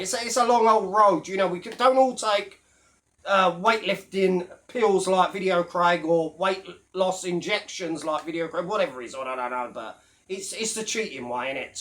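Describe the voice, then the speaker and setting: A man's voice: high-pitched, a bit bright. A man talking straight to camera in a casual, mocking rant full of swearing. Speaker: YouTube commentator. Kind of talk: casual ranting monologue.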